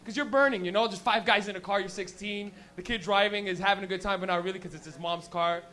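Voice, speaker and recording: A man's voice: sits high, fast talker, bright, forceful tone. A young man from Canada doing a profane stand-up comedy set at a club, acting out friends and cops in voices.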